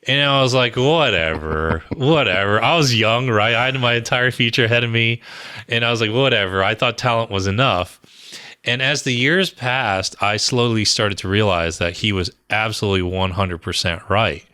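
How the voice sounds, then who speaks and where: A man with a low, bright voice talks through his experience in a podcast interview. He tells stories in a lively way and fills his talk with "you know" and "um". The mic is close and the sound is dry, with no room around him. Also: moderate pace, clear, resonant tone, no echo. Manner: animated storyteller, fillers like "you know" and "um". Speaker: guest, brand strategist and author.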